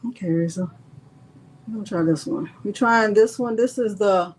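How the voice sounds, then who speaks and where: At medium pitch and normal speed, a slightly mellow-voiced middle-aged woman hosts a crafting livestream. She chats casually, calls her viewers y'all, makes fun of herself, and mutters as she works.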